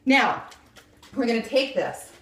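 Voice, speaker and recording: A woman fitness instructor coaching a quick kitchen workout, counting reps and out of breath. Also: fairly high pitch, very animated, a bit bright. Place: home kitchen. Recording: echoey room, voice from a distance. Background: kitchen clicks, blender.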